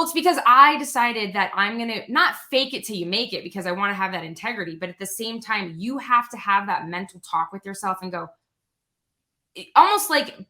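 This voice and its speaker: A young woman speaking as an interview guest, chatty and full of energy, piling one quick phrase onto the next. Her voice is bright and forward and sits a little high for a woman. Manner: energetic and animated, quick with frequent "like". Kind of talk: casual interview talk.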